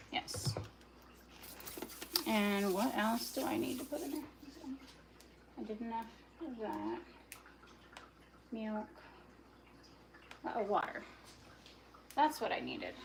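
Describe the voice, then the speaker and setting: A woman's voice: on the high side, sing-song, slow, vocal fry, long pauses, slight background noise, poor audio. A woman narrating her own cooking in a casual livestream, muttering to herself as she works in her home kitchen. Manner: chatty self-narration, muttering to herself, bursts of yelling at her dog. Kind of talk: casual talk while cooking.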